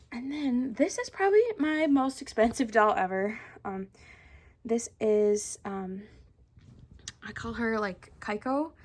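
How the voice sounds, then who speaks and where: A young woman chatting casually in a vlog, showing her doll collection, full of ums and likes, sometimes dropping to a soft whisper. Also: on the high side, gravelly. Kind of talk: casual show-and-tell vlog.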